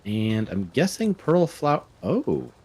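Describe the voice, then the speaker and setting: Male streamer, animated pitch, casual, narrates his own puzzle-solving. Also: slow pace, breathy edge. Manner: thinking aloud while solving puzzles. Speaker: streamer guest. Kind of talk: casual live-stream chat.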